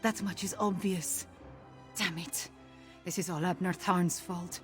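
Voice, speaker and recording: A woman's voice: lowish voice, fairly even intonation, unhurried, soft background music, close to an everyday voice. An actress voicing a weary, bitter female feline diplomat and spy in a video game, speaking with a rolling, exotic accent. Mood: determined. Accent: exotic rolled-R accent. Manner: bitter, exasperated.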